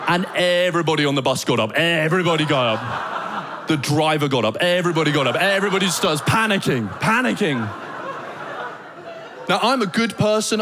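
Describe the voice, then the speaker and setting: British guy doing standup, highish voice, swears a lot, acts out the crowd. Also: noisy background. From Britain. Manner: animated storytelling, swearing, acting out crowd shouts. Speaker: stand-up comedian. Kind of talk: stand-up comedy set. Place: theatre stage before a laughing audience.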